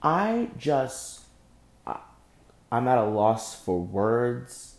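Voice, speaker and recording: A young man hosting a solo podcast, speaking angrily and with deep emotion, often breaking off and repeating himself. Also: sing-song, drawn-out words, echoey room. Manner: angry, emotional, repeats and restarts. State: emotionally shaken. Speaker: podcast host. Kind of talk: impassioned solo podcast monologue.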